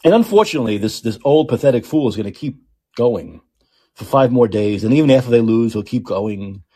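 Older guy hosting a podcast, husky mellow voice, goes up and down a lot, sarcastic and fed up. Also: mid-range voice, expressive, fairly quick, no echo, studio quality. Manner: sarcastic, exasperated, repeats himself. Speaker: podcast host. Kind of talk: political call-in podcast rant.

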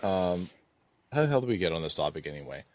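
A man's voice: low voice, no room sound. A man co-hosting a podcast, talking casually and jumping into impressions. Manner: animated, quick to do impressions. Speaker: podcast co-host. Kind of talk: casual chat.

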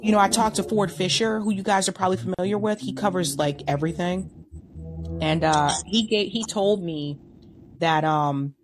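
A woman's voice: lowish voice, normal speed, noisy background. A woman co-hosting a podcast, chatting casually and rambling with restarts and fillers. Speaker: podcast co-host. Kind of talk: casual chat.

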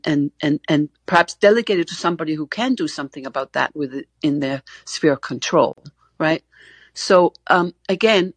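Middle-aged woman co-host, husky and low, dry close sound, earnest explainer. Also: dry recording. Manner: earnest, explanatory, repeats words when starting. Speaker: co-host, gender expert. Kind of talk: casual panel discussion. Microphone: online audio call.

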